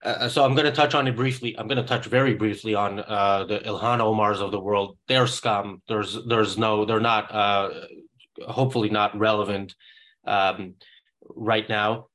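A man hosting political commentary, talking in a halting way with many pauses and restarts. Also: fairly low pitch, fairly even intonation, fairly bright tone. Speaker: show host.

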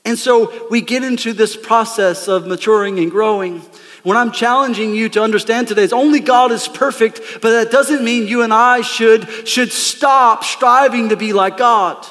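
A man preaching a lively, conversational sermon from a church stage, calling out to the congregation. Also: very high-pitched, normal speed, in a large hall. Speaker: pastor. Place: church sanctuary.

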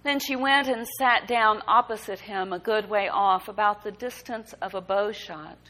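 A woman preaching a sermon, reading scripture and reflecting on it in a measured, emphatic way. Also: medium pitch, pushed and bright, low-quality recording. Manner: slow, deliberate preaching with emphatic rises.

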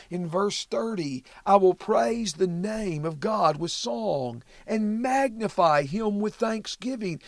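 A man hosting a Bible study podcast, who walks through a psalm verse by verse in a measured, reflective way. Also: high-pitched, creaky, dry recording. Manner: measured, reflective reading of scripture. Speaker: podcast host teaching the Bible.

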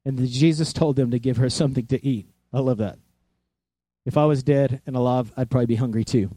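Animated male preacher, dry close sound. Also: mid-range voice, a little fast, no echo. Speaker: pastor. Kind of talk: sermon.

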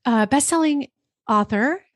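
A woman's voice: high-pitched, unhurried, no echo. Chatty woman from New Jersey, dry sound. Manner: chatty, animated, lots of quoted self-talk. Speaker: podcast guest, coach. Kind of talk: casual interview storytelling. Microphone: podcast microphone.

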